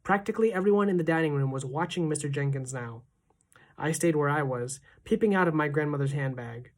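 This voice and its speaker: A woman teacher reading a children's novel aloud in a steady, expressive narration. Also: low-pitched, brisk.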